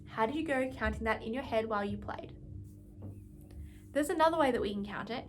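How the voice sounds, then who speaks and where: A woman's voice: a little high, a little fast. A woman music teacher giving an instrumental lesson, patiently explaining and counting beats aloud.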